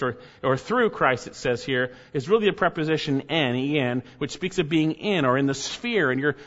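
A man preaching an expository sermon as pastor, repeating key phrases and swinging from loud emphatic peaks to hushed low endings. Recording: dull sound with long hall reverb.

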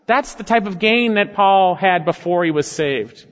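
A man preaches in a large church, his fairly high voice carrying a long reverb off the walls. The sound is a little muffled. He stresses key phrases with rising force, then drops low and slow to close each point. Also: expressive. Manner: emphatic, swells in pitch and volume on key phrases, drops low and slow at line ends. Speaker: pastor. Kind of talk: expository sermon.

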